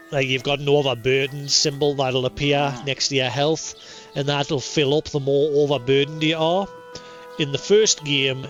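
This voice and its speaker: A man's voice: mid-range voice, fairly bright tone. A man giving rambling, chatty commentary while streaming a game live. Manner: chatty, rambling, laughs easily.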